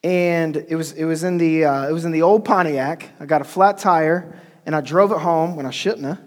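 A man's voice: on the high side, fairly even intonation, moderate pace. A man preaching a sermon in a church, telling stories in a conversational way and calling for responses from the congregation. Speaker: pastor. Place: church sanctuary. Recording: long church-hall reverb.

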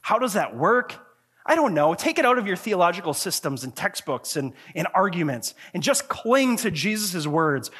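A male pastor delivering a sermon in an earnest, conversational way, swinging from quiet, low passages to loud, emphatic questions. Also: big pitch swings, normal speed, breathy edge. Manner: earnest, conversational preaching with frequent restarts.

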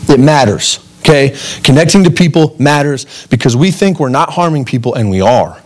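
A man's voice: medium pitch, lively intonation, moderate pace. A man in his thirties preaching a sermon in an earnest, conversational way, putting direct questions to his listeners. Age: 30s. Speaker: pastor.

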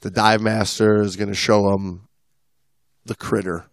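Casting: male podcast host, low gravelly voice, dry close sound, storyteller. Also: little pitch movement, unhurried, no echo. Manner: reads then riffs and explains at length. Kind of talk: reading a dive story with chat.

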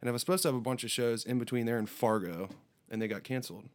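A man telling a story in casual chat as a musician guest, animated and acting out the people in it. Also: very fast. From United States. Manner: animated anecdote teller, voices border guards with raised pitch.

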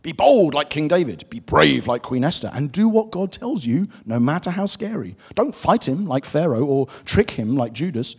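A man's voice: a little high, big pitch swings, moderate pace, hardly any pauses, darkish tone, breathy edge, heavily acted. A man voicing a guilty, upset little girl in a children's story, in an earnest, fretful way. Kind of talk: reading a children's storybook aloud. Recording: echoey hall.

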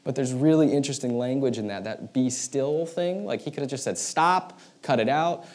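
A man preaching a sermon in a casual, animated storytelling way, often acting out the voices he quotes. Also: medium pitch, brisk. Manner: casual, many fillers like "like" and "right". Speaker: pastor.

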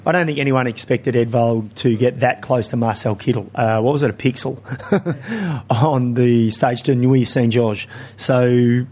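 Australian man, mid-pitched, chatty cycling pundit with an enthusiastic, jokey manner. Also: fairly even intonation, a little slow, darkish tone. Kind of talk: casual chat.

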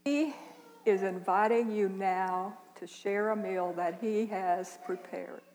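An older woman preaching a sermon, speaking slowly and earnestly with long pauses. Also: medium pitch, darkish tone, in a large hall, slight background noise. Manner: slow, earnest, with dramatic pauses. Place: church.

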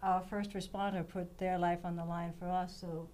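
A woman's voice: fairly low pitch, flat delivery, normal speed, a little mellow. A woman in her fifties from Denmark, a guest on a radio show, telling her story in an earnest way. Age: 50s. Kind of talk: casual radio interview.

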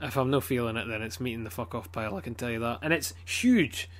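A man's voice: mid-range voice, fast talker. A man with a Scottish accent chatting casually as a podcast co-host, blunt, swearing a lot and rambling with plenty of fillers. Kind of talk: casual chat.

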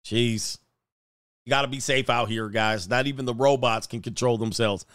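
A man's voice: mid-range voice, fairly even intonation, normal speed, a bit bright, no echo. Joking man host with a dry sound. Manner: joking, laughs often, slangy. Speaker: show host. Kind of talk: casual livestream chat reading viewer comments.

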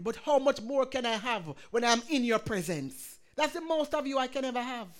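A woman pastor preaching a sermon with passion, swinging between loud calls and hushed prayer. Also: on the high side.

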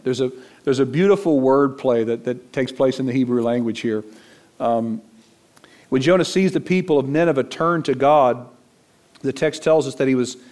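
A man's voice: fairly high pitch, a little mellow. A middle-aged male pastor preaching a sermon, his voice climbing for emphasis.

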